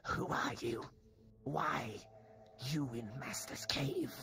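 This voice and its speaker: A man voicing a small, wary cave imp that talks in slow, broken phrases. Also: mid-range voice, very animated, gravelly, over music, heavily acted. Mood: suspicious. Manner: broken simple speech, slow. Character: small primitive impish cave creature, wary.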